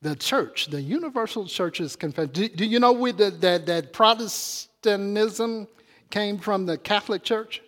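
A man's voice: high-pitched, unhurried, fairly bright tone. A man preaching a sermon in a church, chatty and calling out questions to the congregation. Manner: conversational, calls out to the congregation. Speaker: pastor. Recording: long reverb of a church hall.

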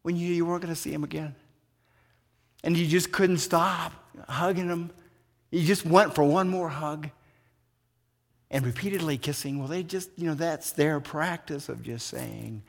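A man's voice: on the high side, measured pace, vocal fry. A man preaching a sermon as pastor, telling stories with energy and quizzing his congregation with questions. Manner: animated storytelling with questions to the congregation. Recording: long church hall reverb.

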